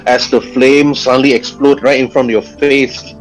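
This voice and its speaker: A man's voice: mid-range voice, little pitch movement, moderate pace, soft background music, poor audio. A man narrating as game master of a tabletop game, stretching words for suspense and laughing at his own jokes.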